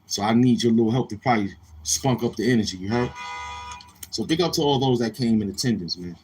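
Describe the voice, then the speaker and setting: A man's voice: mid-range voice, fast talker, a little hiss or hum. Loose, streetwise male livestream host. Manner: loose, streetwise, goes from laid-back to loud and animated. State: a little tired. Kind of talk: casual livestream talk. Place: outdoors near a street, car noise heard.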